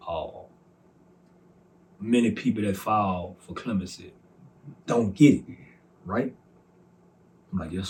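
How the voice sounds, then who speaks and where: Low-voiced man telling his testimony. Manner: recounts dialogue by voicing both sides, soft and earnest. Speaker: testimony speaker. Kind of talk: personal testimony storytelling.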